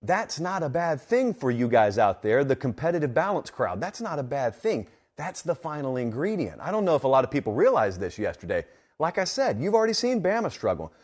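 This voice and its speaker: A man's voice: fairly high pitch, a little mellow. A man hosting a sports show, giving solo football commentary in an emphatic, conversational way, with rhetorical questions aimed straight at his audience.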